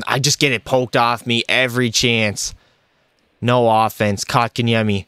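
A young man streaming a hockey video game, giving excitable, frustrated play-by-play and talking to his chat. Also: medium pitch, a little slow, smooth, no echo. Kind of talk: live gameplay commentary.

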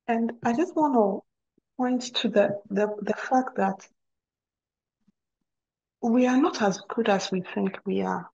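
A woman's voice: fairly high pitch, takes it slowly, creaky, long pauses, darkish tone, highs cut off. Earnest woman giving a Christian testimony. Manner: earnest, repeats words and phrases for emphasis. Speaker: guest speaker at a women's ministry program.

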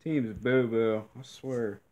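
A man's voice: medium pitch, fairly even intonation, slow, a little mellow, highs cut off. A man giving live gameplay commentary, grumbling and complaining in frustration with mild cursing throughout.

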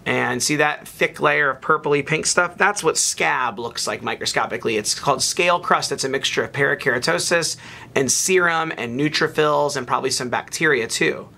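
A man, a pathologist, talking through microscope slides in a relaxed teaching tone with ums and restarts. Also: fairly high pitch, normal speed, gravelly. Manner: relaxed explaining with fillers and restarts. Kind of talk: narrated microscope slide lecture.

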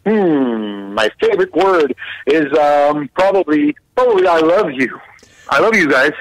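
A man's voice: on the high side, expressive, unhurried, rough recording. A man calling in to a radio interview by phone, joking around, hesitating with lots of fillers and laughs. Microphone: telephone.

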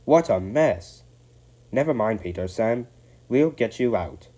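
A man's voice: on the low side, lively intonation, moderate pace, warm tone. A man voicing a helpful male diesel engine with a hearty, exclamatory manner.

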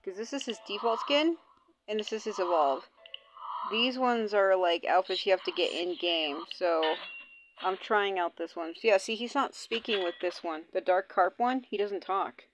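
A woman's voice: medium pitch, normal speed, background noise. A young woman host chatting casually and with lots of swearing while commenting on her gameplay. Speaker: gaming channel host. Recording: dull lo-fi audio, faint game music.

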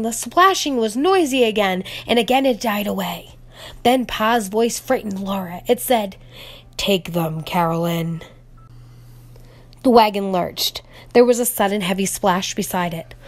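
A woman reading a children's storybook aloud, gentle and expressive, dropping to a whisper at tense moments. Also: a little high. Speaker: storybook reader. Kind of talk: children's read-aloud narration.

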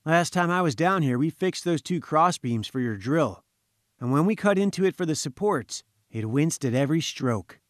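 A man's voice: a little high, animated, normal speed, no echo, close to an everyday voice. A man voicing a wry, matter-of-fact male companion in an audiobook, speaking in a dry, joking way.

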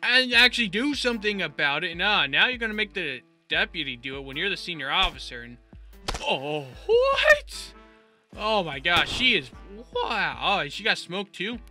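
Excitable bright-voiced gaming commentator. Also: male voice, high voice, fairly quick, few pauses, faint music behind. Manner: excitable, joking and animated. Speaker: gaming YouTuber. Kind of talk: let's play commentary.

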